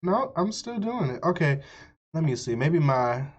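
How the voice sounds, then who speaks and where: A man streaming live, chatting casually with his viewers, animated and swearing freely as he reacts to a video. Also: a little high, unhurried, breathy edge. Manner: animated, swearing, talks to chat. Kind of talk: casual chat. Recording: dull lo-fi stream audio.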